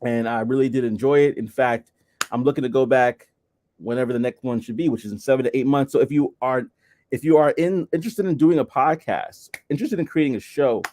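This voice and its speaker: A man's voice: medium pitch, fairly quick, darkish tone, a little hiss or hum. A man hosting a live online show, greeting viewers by name and reading comments in an upbeat, enthusiastic way.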